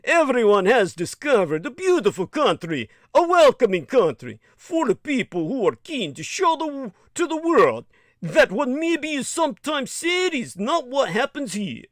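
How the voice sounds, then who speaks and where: A man parodying a slick male sports official, voice pushed well above his own and oddly colored. Slow, oily and self-satisfied, he oozes false charm. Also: very high voice, very animated, fairly bright tone, no room sound, studio quality, pitched above the performer's own voice, exaggerated voice. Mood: mocking. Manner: mocking impression, slow and oily. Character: slimy, smooth-talking male sports official.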